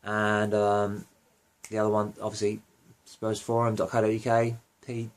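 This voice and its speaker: A young man talks through a fan podcast in a loose, rambling way. He keeps restarting his sentences and filling gaps with "you know". His voice sits a little low. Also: level tone, normal speed. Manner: rambling, many fillers and self-corrections. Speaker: podcast host. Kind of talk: casual rambling monologue.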